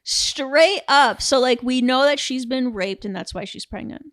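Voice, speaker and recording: A woman's voice: sits high, no echo, clean studio sound. A young woman co-hosting a podcast, casually retelling a film's plot and quoting its characters. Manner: animated retelling, quoting characters in quick voices. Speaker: podcast co-host. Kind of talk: casual film review chat.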